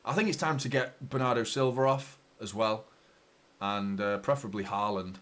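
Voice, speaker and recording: A man hosting a live football watchalong, chatting casually and swearing freely, quickly heated and exasperated by mistakes. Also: on the low side, fairly even intonation, fairly bright tone. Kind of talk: live match commentary and chat.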